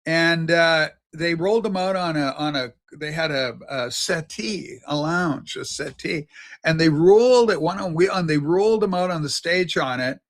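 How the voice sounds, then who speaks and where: A woman's voice: low-pitched, a bit bright. An older transgender woman hosting a livestream show, rambling chattily with many fillers and restarts. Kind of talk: casual rambling livestream chat.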